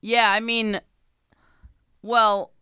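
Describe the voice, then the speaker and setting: A man guesting on a podcast chats in a laid-back, slangy way and curses often. His voice is high for a man, bright and smooth. It is recorded dry and close to the mic. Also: little pitch movement, very slow, dry recording. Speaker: comedian guest. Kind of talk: casual podcast chat.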